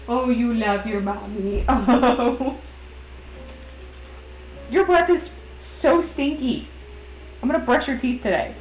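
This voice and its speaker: A woman's voice: fairly high pitch, slow, darkish tone, a little hiss or hum, rough recording. Giggly woman baby-talking to her dog. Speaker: streamer. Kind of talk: casual chat.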